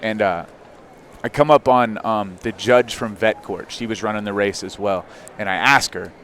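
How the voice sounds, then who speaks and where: A man's voice: lowish voice, moderate pace, a little hiss or hum. Candid man telling a story casually. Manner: candid, animated storytelling with frequent fillers. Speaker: podcast guest.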